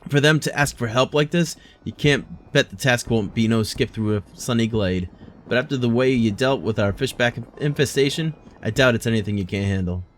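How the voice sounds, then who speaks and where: A man voicing a blunt, hearty older male guild master in rough colloquial speech, reading game dialogue aloud. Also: medium pitch, normal speed, slight background noise, close to an everyday voice. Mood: gruff.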